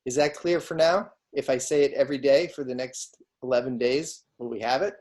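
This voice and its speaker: A man lecturing on law over a video call, with a mid-pitched voice. He speaks conversationally and keeps asking his students whether they follow. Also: brisk, a little mellow. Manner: conversational, asks students frequent questions. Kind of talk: online lecture.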